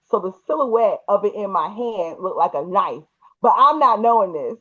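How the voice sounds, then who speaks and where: A woman hosting a podcast, telling a personal story in a lively way, laughing often and acting out the people in it. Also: medium pitch. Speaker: podcast host. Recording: muffled, dull audio.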